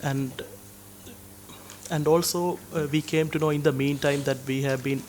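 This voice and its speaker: A Sri Lankan man testifies formally before a parliamentary committee. His voice stays flat and level, and he explains himself in a halting, defensive manner over a faint background hiss. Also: fairly high pitch. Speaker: chairman of a government bureau.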